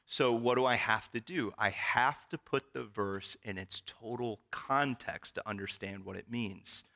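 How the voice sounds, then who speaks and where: Pastor, male, unhurried sermon delivery with a bright, clear tone and dry wit. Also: lowish voice. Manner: storytelling with wry humor. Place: church.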